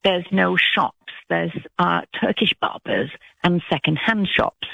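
Husky-edged British woman on a phone line. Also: on the low side, measured pace, no room sound. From Britain. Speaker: caller. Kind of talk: call-in radio talk. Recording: dull phone-line sound.

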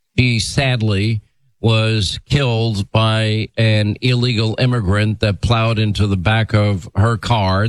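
A male talk radio host opening a segment and questioning a guest in a brisk, emphatic delivery. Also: fairly low pitch, dry recording. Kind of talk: talk radio monologue and interview.

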